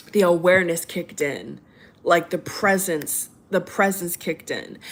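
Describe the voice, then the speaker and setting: A woman in her late twenties speaks in a somewhat low voice, telling a personal memory to her viewers. She is earnest and emotional, and she keeps restarting and repeating her phrases as she searches for the right words. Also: fairly bright tone. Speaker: spiritual channel host. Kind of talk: heartfelt personal monologue.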